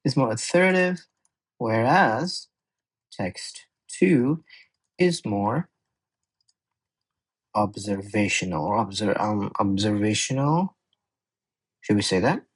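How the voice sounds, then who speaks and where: A man's voice: on the low side, animated, takes it slowly, pauses often, slightly rough, rough recording. A man tutoring English in a casual exam walkthrough, chatty and often correcting himself as he thinks aloud.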